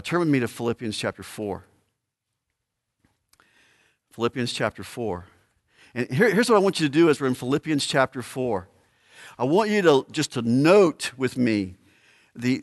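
A man preaching a sermon as pastor, emphatic, swinging between loud declarations and hushed asides. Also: mid-range voice, sing-song, moderate pace, long pauses, long reverb tail.

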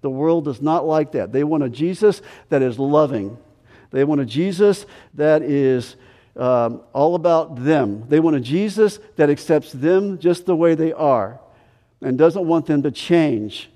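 A pastor preaching in a church hall, his voice a touch higher than most men's yet mellow and soft-edged. He presses his points by repeating words and swings between raised emphasis and quiet intensity. A long reverb trails every phrase. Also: expressive, unhurried. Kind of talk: sermon. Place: church sanctuary.

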